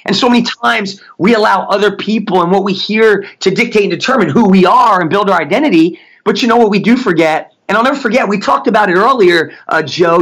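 A middle-aged man, a mindset coach, giving a fervent faith-based motivational talk, slowing down to chant affirmations. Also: sits high, a bit bright. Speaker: podcast guest, mindset coach.

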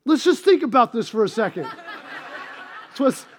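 Man, pastor, sermon, very high voice, animated storytelling. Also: normal speed, a little hiss or hum. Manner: animated storytelling, swings from loud outbursts to low asides.

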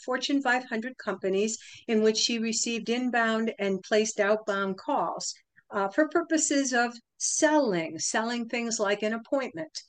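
A middle-aged woman, a guest on a podcast, explaining a sales method in an animated way with deliberate pauses. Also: medium pitch. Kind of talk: casual interview talk.

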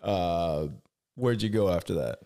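A man hosting a casual podcast in a fairly low voice. He asks questions and reacts with jokes and plenty of swearing. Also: animated, measured pace, mellow. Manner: profane, joking reactions. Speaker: podcast host. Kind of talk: casual chat.

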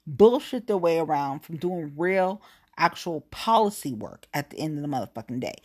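A woman's voice: sits low, big pitch swings, moderate pace, darkish tone. A woman delivering a blunt, heated political rant, swearing constantly.

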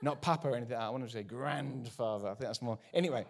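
A man preaching a sermon to a congregation, animated and joking in asides. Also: medium pitch, fast talker. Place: church before a congregation.

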